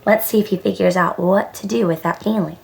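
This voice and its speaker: A woman, a preschool director, reading a storybook aloud at children's story time, slow and gentle and pausing to ask the little listeners questions. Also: medium pitch, fairly even intonation, gravelly.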